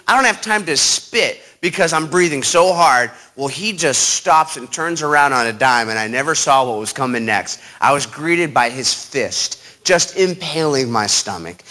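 A man telling a personal story to an audience in an animated, dramatic way, acting out the other people's lines. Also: on the high side. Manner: animated, dramatic retelling with quoted voices. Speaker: speaker.

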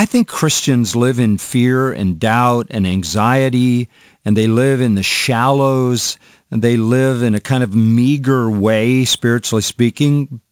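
A man's voice: medium pitch, no echo. A man answering an interview question in a studio, explaining earnestly with small restarts. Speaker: Bible teacher in interview segment.

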